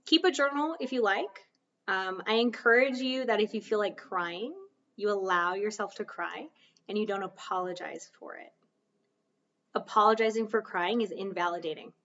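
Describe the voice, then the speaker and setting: A woman's voice: mid-range voice, normal speed, a bit bright. Chatty woman host, slightly distant, dull sound. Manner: chatty, self-deprecating, coaching tone. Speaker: podcast host. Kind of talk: casual solo podcast talk.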